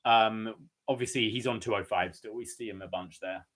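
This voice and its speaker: A man's voice: on the low side, steady tone, normal speed, a bit bright. A man co-hosting a podcast, chatting about wrestling with eager asides. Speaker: podcast co-host. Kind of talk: casual wrestling recap chat.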